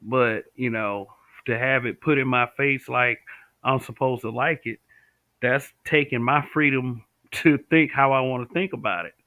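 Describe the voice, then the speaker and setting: A Southern American livestream host with a mid-range, steady voice speaks at a moderate pace, bluntly answering comments from his viewers in a casual stream. His recording sounds dry and tinny, like home-stream audio.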